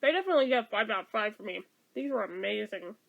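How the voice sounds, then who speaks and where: A woman's voice: mid-range voice, animated, fast, creaky, fairly bright tone. A woman vlogger giving a casual taste-test review, chatty, sometimes talking while chewing.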